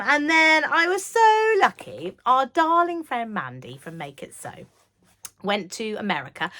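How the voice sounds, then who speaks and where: A woman in her thirties chatting to camera about sewing from her home sewing room, gushing and chatty, sometimes dropping to a whisper. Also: medium pitch. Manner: gushing, chatty, drops to whispers when excited. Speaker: sewing vlogger. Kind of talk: casual chat to camera.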